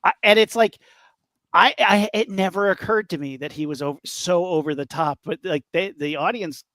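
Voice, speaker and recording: Animated high-voiced man, casual chat. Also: moderate pace, dry recording. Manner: animated, acts out quotes with laughter. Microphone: home mic on a video call.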